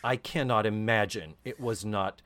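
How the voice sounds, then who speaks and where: A man co-hosting a podcast in casual chat, an animated storyteller who swears freely. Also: fairly low pitch, normal speed. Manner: animated storyteller, swearing, slips into mock Cockney quotes. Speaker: podcast co-host.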